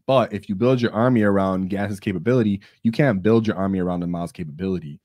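A young man hosting a casual gaming live stream, energetic and opinionated, hyping things up and acting out quotes. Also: low-pitched, fast, no echo. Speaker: stream host.

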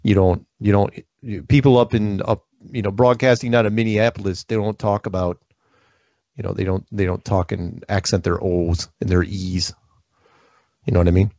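A man's voice: fairly low pitch, fairly even intonation, moderate pace, mellow, dry recording, dull audio. A man hosting a call-in show, joking and rambling, laughing often. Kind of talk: casual call-in chat.

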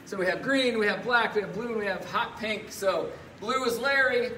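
Zookeeper type, man, fairly high voice, chatty and upbeat, mask-muffled, roomy and distant mic. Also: normal speed, pushed and bright. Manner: upbeat and chatty, talking through a face mask. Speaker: zookeeper presenter. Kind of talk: casual educational live stream. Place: indoor zoo birdhouse with penguins. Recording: echoey room, distant mic, faint noise.

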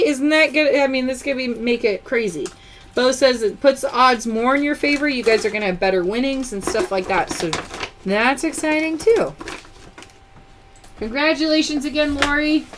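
A woman's voice: high voice, moderate pace, background noise. A woman hosting a live-stream sale, chatty, greeting viewers by name and counting items aloud. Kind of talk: live-stream sales chat.

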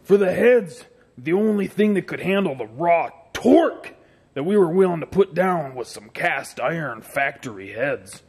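Male vlog host with a high voice, sarcastic mock-bragging delivery. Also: lively intonation, a little slow, vocal fry, darkish tone, husky. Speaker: channel host. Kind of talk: comedic car build vlog.

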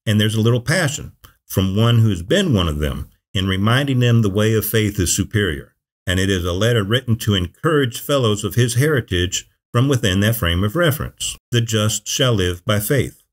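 A man preaching in a Bible teaching video, with measured, emphatic phrasing and repeated scripture quotations. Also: on the low side, expressive.

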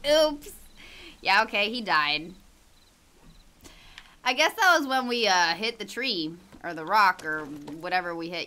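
A woman's voice: medium pitch, sing-song, slow, long pauses, sharp tone, slight background noise. A woman streaming a game in casual chat, greeting viewers by name and laughing often. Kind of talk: casual livestream chat while gaming.

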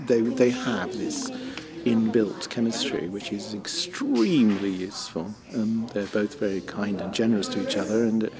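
Low-voiced man describing rehearsals. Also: expressive, normal speed, music in the background. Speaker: theatre director. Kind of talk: casual interview about rehearsals. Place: rehearsal room with people talking nearby.

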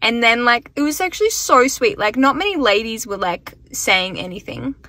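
Young woman, casual vlog diary, rambling, bright tone, tired and unwell, phone recording. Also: on the high side, lively intonation, moderate pace, dry recording. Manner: chatty, rambling, full of "like". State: tired and weak from illness. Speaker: vlogger. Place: bus, then a car.

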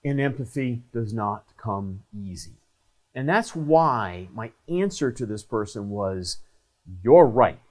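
A man's voice: on the low side, lively intonation, slow. A man hosting a talk, giving earnest, conversational advice in short repeated phrases. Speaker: host and trainer. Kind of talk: casual advice monologue.

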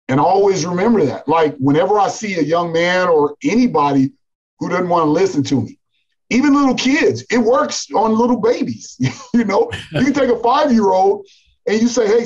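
Coach guy chatting on a podcast, husky voice, says man and like a lot, kinda muffled sound. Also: high-pitched, normal speed. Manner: animated storytelling, frequent "man" and "like". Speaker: college basketball coach. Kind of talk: casual podcast conversation.

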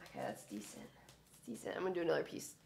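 A young woman giving a chatty live reaction to a hockey game as a fan, excitable and cheering loudly. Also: fairly low pitch, racing, creaky, slight background noise. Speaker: sports fan streamer.

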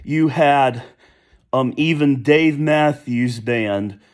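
A man in his thirties, his voice mid-range and very slow, rambles nostalgically in a casual vlog monologue full of opinions. Now and then he hums or sings snippets of old songs.

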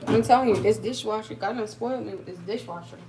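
A woman's voice: medium pitch, quick pace, warm tone, slight background noise. A young woman chatting casually on a livestream, answering viewers while moving around her kitchen, laughing and emphatic. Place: home kitchen.

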